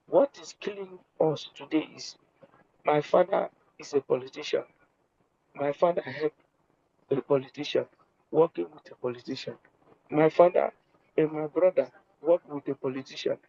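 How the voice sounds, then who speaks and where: A man's voice: measured pace, creaky, long pauses, warm tone, no room sound. A man calling in from a public place, hesitant and apologetic, repeating himself as he makes his point. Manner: speaks low at first, in a public place. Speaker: caller. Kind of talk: live audio-room call. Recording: muffled lo-fi phone line with faint background noise.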